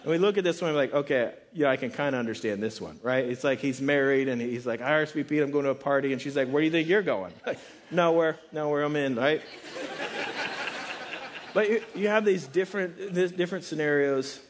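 A man preaching a relaxed, conversational sermon on a Bible passage, joking and saying "like" often. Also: medium pitch, a little fast, slight background noise. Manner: relaxed and joking, heavy use of "like". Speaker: pastor teaching a Bible passage.

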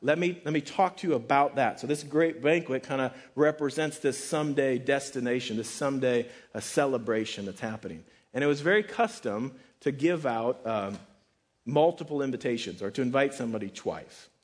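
A man preaching a relaxed, conversational sermon on a Bible passage, joking and saying "like" often. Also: medium pitch, fairly quick. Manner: relaxed and joking, heavy use of "like". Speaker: pastor teaching a Bible passage.

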